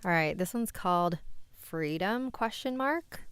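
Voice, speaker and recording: A woman's voice: lowish voice, lively intonation, a little slow, fairly bright tone, smooth, no echo. A woman hosting a live stream, reading listener-submitted scary stories aloud with chatty asides.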